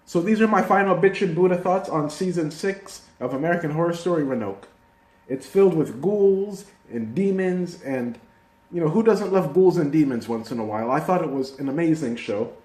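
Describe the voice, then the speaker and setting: A man talking through a casual video review in a chatty, rambling way, with fillers and restarts. His voice sits a little high but sounds mellow and soft-edged. The recording picks up a noticeable room echo. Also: animated, normal speed. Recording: echoey room.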